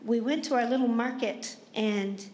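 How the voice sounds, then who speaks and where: A woman's voice: a little high, moderate pace, darkish tone, roomy sound, a little hiss or hum. A woman novelist from Canada, talking about her life in a chatty, down-to-earth way. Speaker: novelist on a panel. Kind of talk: casual panel talk.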